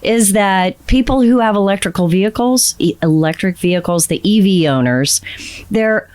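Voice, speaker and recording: A woman co-hosting a casual podcast chat, reading out statistics with fillers and drawn-out emphasis. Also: mid-range voice, a little mellow. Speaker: podcast co-host sharing industry statistics.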